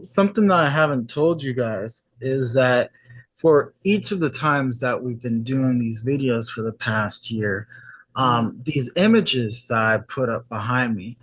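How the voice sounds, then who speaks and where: A man on a casual panel, joking in a dry, deadpan way. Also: medium pitch, no room sound. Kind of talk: casual chat.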